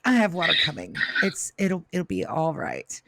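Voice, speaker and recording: A woman voicing a scheming, smooth-talking madam in a tabletop game, in a coaxing, businesslike manner. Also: sits low, sing-song, moderate pace, sharp tone, pitched below the performer's own voice, heavily acted, low-quality recording.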